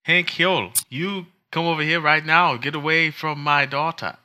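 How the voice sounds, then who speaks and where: A man putting on the voice of a stern, scolding middle-aged cartoon father, high and loud. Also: measured pace. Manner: barking, scolding.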